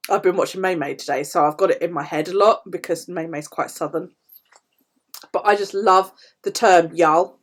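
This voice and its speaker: A woman's voice: fairly low pitch, moderate pace. Chatty, swearing British woman. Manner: chatty, swears freely, laughs often. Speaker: planner vlogger. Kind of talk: casual chat to live viewers.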